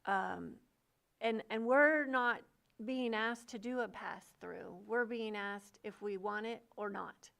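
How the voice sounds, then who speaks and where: A woman speaking as a county supervisor at a public board meeting, measured and pausing with fillers. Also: a little high, vocal fry, a bit bright.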